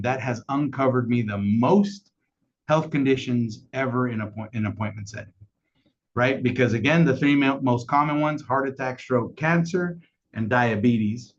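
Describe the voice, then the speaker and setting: A man leading a casual sales training call, energetic and asking "right?" again and again. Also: mid-range voice, unhurried, slight background noise. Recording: dull lo-fi call audio.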